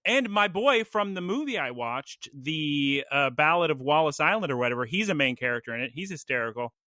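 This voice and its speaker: Casting: male podcast co-host, bright forceful tone, jokey and animated, dry close mic. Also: fairly high pitch, no room sound. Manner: animated, jokey, quick asides. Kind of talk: casual chat.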